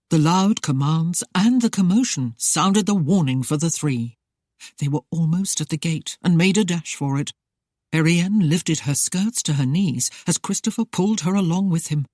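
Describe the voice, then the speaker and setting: An audiobook narrator reading a historical romance in a steady, even way. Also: medium pitch, normal speed, no room sound, studio quality.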